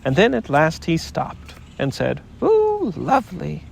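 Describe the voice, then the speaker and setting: A man narrating a children's storybook audiobook in an expressive, gently paced reading. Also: fairly high pitch, measured pace, gravelly, a little hiss or hum.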